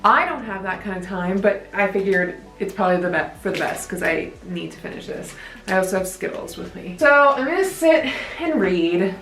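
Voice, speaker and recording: A young woman talks to a camera at home in a loose, chatty way, her voice breaking into frequent laughter. Her tone has a gravelly edge. The room rings with echo, and faint music sits underneath. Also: medium pitch, animated, moderate pace, fairly bright tone. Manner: chatty and emotional, laughing often while reading. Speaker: book vlogger. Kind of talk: casual reaction vlog. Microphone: camera at close range.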